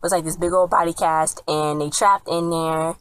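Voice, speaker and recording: A woman's voice: low-pitched, steady tone, normal speed, clean tone, poor audio. A woman casually retelling a TV episode as a reviewer, rambling and chatty, and often quoting the characters. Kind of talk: casual spoken recap.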